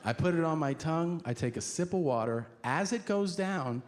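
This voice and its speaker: A man doing stand-up, telling a profane story in an animated way with sudden shouts. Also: on the high side, normal speed. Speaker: stand-up comedian. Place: comedy club stage before a laughing audience. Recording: live audience laughter and crowd noise.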